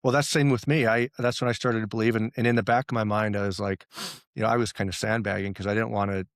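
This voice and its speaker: A man's voice: lowish voice, little pitch movement, quick pace, dry recording, studio quality. A man talking as a podcast guest, telling stories and quoting his own thoughts, laughing often. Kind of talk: casual interview chat.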